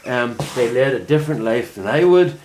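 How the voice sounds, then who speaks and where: A man's voice: mid-range voice, animated, moderate pace, a little mellow, a little hiss or hum. A middle-aged man talking casually to camera from his greenhouse, rambling and reflective as he chats about his potato growing. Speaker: home potato grower vlogger. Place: inside a greenhouse.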